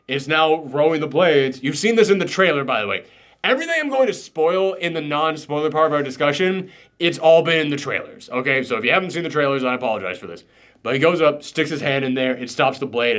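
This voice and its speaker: Man, slightly high voice, animated ranting host of a film reaction chat. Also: brisk. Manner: animated, exasperated ranting with swearing. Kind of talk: casual film review chat.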